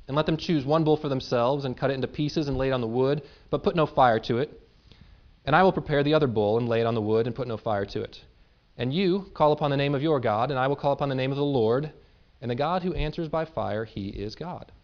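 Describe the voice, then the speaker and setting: A man preaching a sermon, moving between reading scripture and retelling it in plain, lively paraphrase. His voice sits at a middle pitch. The recording is somewhat dull and lo-fi. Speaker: pastor.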